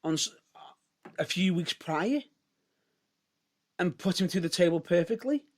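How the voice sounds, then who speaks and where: Lively, animated man chatting casually. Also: high voice, a little slow. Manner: hedging, restarts often, lively rises and drops. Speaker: podcast co-host. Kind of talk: casual wrestling chat.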